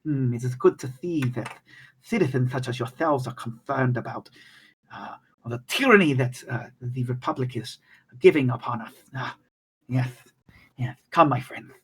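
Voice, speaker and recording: A man voicing a frail, excitable old male scholar with a malformed mouth, who is fussy, stammers, and keeps saying "yes". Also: medium pitch, moderate pace, breathy edge, low-quality recording. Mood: conspiratorial.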